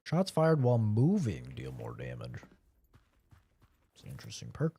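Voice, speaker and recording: A man's voice: lowish voice, huge pitch swings, normal speed, gravelly, dark tone, breathy edge. A man streaming a horror game, chatting casually over gameplay, swearing and joking around. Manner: profane, joking, blurts silly sing-song noises.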